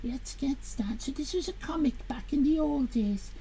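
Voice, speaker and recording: A woman's voice: very high-pitched, animated, measured pace, a bit bright, a little hiss or hum, full character voice. Woman putting on a sassy Irish teen girl. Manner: rambling, crude, chatty. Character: sassy sixteen-year-old Irish girl. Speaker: streamer. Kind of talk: live stream in character.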